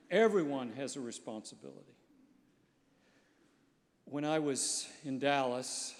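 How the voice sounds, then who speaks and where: A male pastor preaching a sermon in an earnest, storytelling manner. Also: medium pitch. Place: large church sanctuary. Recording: long church reverb.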